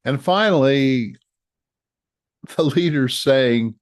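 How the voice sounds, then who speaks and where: A man's voice: mid-range voice, lively intonation, a little slow, long pauses, dry recording, clean studio sound. A middle-aged man giving a coaching talk on leadership, earnest and given to repeating and restarting his phrases. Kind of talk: direct-to-camera coaching talk.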